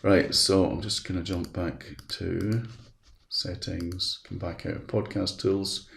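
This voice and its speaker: Male webinar presenter, low gravelly voice, talks through each click in a chatty way, roomy echo. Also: flat delivery, slow, fairly bright tone, a little hiss or hum. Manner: chatty, walks through steps aloud. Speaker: education specialist presenting a webinar. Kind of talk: live software demonstration. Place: at his computer.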